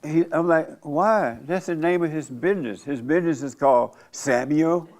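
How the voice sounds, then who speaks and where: A man's voice: fairly high pitch, moderate pace, a little mellow. An older man, a pastor and show host, giving a blunt, provocative, conversational church talk.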